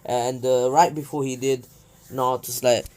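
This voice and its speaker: A man's voice: medium pitch, level tone, moderate pace, a little mellow. Rambling casual male storyteller. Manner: rambling, many fillers and restarts. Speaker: fan-fiction storyteller. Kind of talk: casual fan-fiction storytelling.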